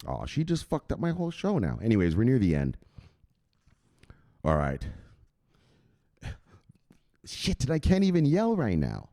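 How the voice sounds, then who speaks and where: A man's voice: medium pitch, a little slow, pauses often. A man hosting a crypto channel at home at night, rambling and swearing in casual vlog chat. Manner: profane, rambling, animated.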